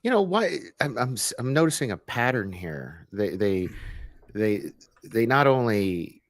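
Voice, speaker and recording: A man with a very deep voice co-hosts a casual podcast. He talks haltingly and repeats words as he searches for the right one. The sound is dry and close to the mic. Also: expressive, dry recording. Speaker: podcast co-host. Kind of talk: casual live-stream chat.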